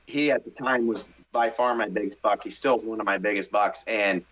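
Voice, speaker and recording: A middle-aged man, a podcast guest, telling a story in casual chat, animated and excitable, acting out his own inner voice. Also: on the low side, a little fast, muffled recording.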